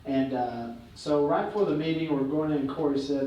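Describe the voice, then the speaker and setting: Man, relaxed storytelling, lots of fillers, slightly high voice, very echoey hall, distant mic. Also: a little fast, dull audio. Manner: relaxed, anecdotal, many fillers. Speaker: guest speaker. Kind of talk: on-stage storytelling. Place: hall with a live audience. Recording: echoey hall, heard from a distance, faint noise.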